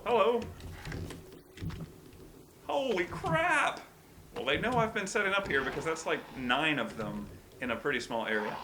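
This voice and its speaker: A let's-play host talks through a video game as he plays, mostly murmuring self-deprecating thoughts that break into startled yelps. His voice sits at an ordinary middle pitch, with game ambience clearly underneath and some background noise.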